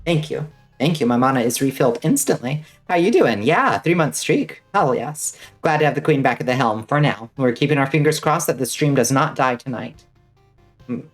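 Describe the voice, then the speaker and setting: A woman's voice: very deep voice, lively intonation, moderate pace, soft background music. Chatty rambling woman streamer. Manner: rambling, chatty, lots of fillers and swearing. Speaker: vtuber streamer. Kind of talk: casual gaming stream chat.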